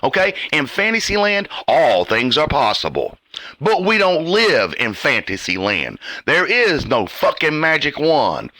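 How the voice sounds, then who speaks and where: Brief: heated male ranter, profane and sarcastic, bright lively voice. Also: fairly high pitch, measured pace, dry recording. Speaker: commentary host. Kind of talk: ranting commentary.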